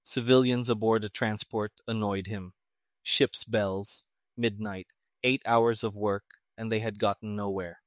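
A man narrating a story in a measured, even storytelling manner. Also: fairly low pitch, dry recording, studio quality. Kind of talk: audiobook narration.

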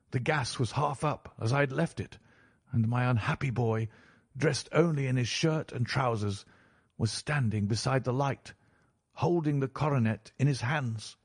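A man narrating a story in a measured, formal way, as an audiobook reader. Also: medium pitch, gravelly, husky, no echo, clean studio sound. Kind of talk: scripted narration.

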